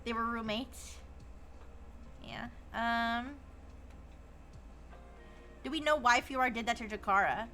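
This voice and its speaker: A woman's voice: on the high side, slow pace, long pauses, bright, forceful tone, faint music behind. A young woman streaming live who chats casually, giggles often, and reads viewer messages aloud before riffing on them.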